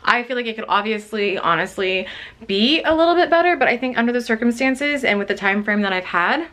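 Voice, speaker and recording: A woman's voice: on the high side, lively intonation, fairly quick, a bit bright. A young woman vlogging a casual tour of her small bedroom, candid and rambling, a bit out of breath, filmed on a handheld phone. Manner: chatty and candid, rambling with fillers. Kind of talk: casual vlog room tour.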